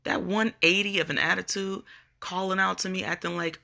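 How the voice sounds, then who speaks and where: A woman's voice: on the low side, fairly even intonation, normal speed, vocal fry, pushed and bright. A woman vlogger ranting casually on a live video, blunt and profane as she tells her story.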